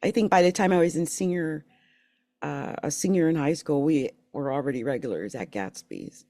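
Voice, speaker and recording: A middle-aged woman from the Philadelphia area telling her life story in a candid, emotional, rambling way, with halting restarts. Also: low-pitched, warm tone, no echo. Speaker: channel host sharing her life story. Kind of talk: personal storytelling monologue.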